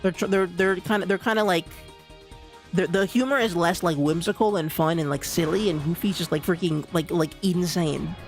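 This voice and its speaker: A live streamer in casual chat, rambling and excitable, with lots of stammered restarts. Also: mid-range voice, moderate pace, soft background music.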